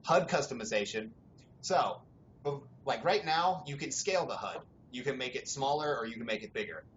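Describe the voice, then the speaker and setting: A young man hosting a casual gaming podcast, rambling in a relaxed way, swearing freely and laughing often. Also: medium pitch, normal speed. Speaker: podcast host. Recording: dull lo-fi sound, faint background noise.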